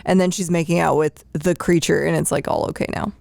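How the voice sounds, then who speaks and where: Relaxed woman co-host in casual chat. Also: low voice, a little fast, vocal fry, no echo. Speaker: podcast co-host.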